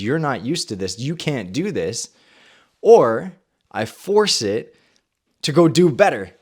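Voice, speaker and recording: A young adult man hosting a faith podcast, telling a personal story and acting out his own past thoughts in a lively way. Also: mid-range voice. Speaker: podcast host. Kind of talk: personal testimony and Bible talk.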